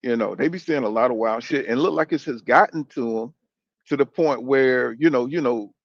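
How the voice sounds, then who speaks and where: A boxing commentator with a medium-pitched voice rants casually about the sport, profane and rambling at a normal speed. He keeps repeating "you know what I'm saying" as filler, and the dry recording has a lo-fi sound.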